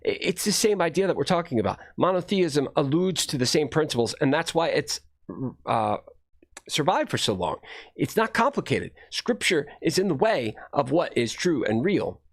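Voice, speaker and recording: Guy streaming and reacting to clips, kinda high voice, rambles, swears, blunt. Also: sing-song, normal speed. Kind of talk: casual commentary while watching videos.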